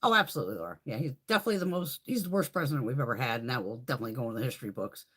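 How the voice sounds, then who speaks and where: A middle-aged woman hosting a live chat, ranting in a heated, profane, animated way. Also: extremely low pitch, rapid-fire, breathy edge. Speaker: live stream host. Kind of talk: casual live chat rant.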